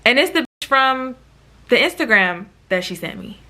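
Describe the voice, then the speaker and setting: A woman telling a dramatic storytime to her viewers, animated and profane, often addressing them as y'all. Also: on the high side, moderate pace. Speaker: YouTube storyteller. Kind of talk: casual storytime.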